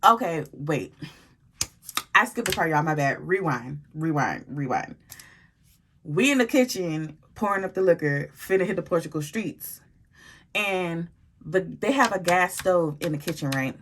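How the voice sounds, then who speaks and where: Animated slangy woman telling a story. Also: fairly low pitch, moderate pace, slight background noise. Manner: animated, slangy, swears freely, talks straight to viewers. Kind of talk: casual storytime monologue.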